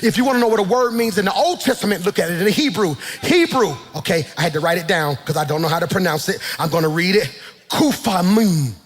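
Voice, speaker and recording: High-voiced, fervent shouting pastor. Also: male voice, fast, hardly any pauses, long reverb tail. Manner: fervent preaching, shouting in rising calls. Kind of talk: sermon.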